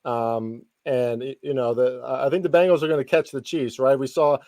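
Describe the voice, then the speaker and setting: A man's voice: mid-range voice, steady tone, warm tone, dry recording. A man chatting as a guest sports analyst, often restarting and filling his sentences with ums. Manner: halting, many restarts and fillers. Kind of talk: casual podcast chat.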